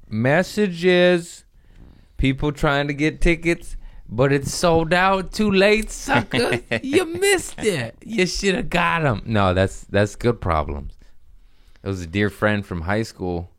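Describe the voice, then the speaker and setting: Animated, low-voiced man riffing on a podcast. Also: no echo. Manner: joking, profane, self-mocking, laughs often. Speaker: podcast host. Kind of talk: rambling comedic podcast monologue. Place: his apartment.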